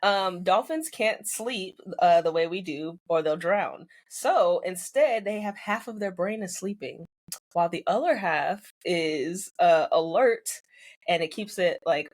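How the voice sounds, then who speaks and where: A woman's voice: fairly low pitch, measured pace. A woman co-hosting a casual podcast, chatting and explaining fun facts with amusement. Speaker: podcast co-host.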